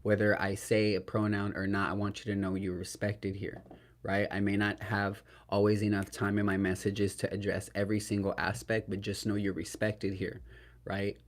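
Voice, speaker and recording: In a lowish, monotone voice at an ordinary pace, a man delivers a solo tarot reading on camera. He talks in spiritual terms about Spirit and archangels, sounds earnest and emotional, says "y'all" to viewers, and keeps asking "right?"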